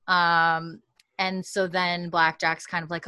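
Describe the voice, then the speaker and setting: A woman's voice: sits low, little pitch movement, moderate pace, bright, forceful tone, no echo. A woman podcast host in casual chat, chatty and full of fillers, retelling a story and quoting the characters' lines. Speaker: podcast host recapping an episode.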